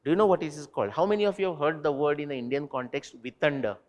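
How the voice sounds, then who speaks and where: A man answering student questions at a university talk, animated and digressive, turning to quiz the audience directly. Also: a little high, racing, big-room sound. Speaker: invited speaker. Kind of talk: lecture Q&A with students. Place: university lecture hall.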